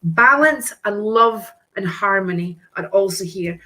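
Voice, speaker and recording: A woman's voice: mid-range voice, lively intonation, a little slow, sharp tone. A woman hosting a live stream, reading tarot cards for viewers in a chatty, breezy way with endearments and exclamations.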